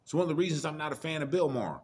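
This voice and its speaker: A man's voice: on the high side, animated, racing, a little mellow. A middle-aged man giving a profane, preachy monologue of blunt warnings in casual rant style. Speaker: commentator.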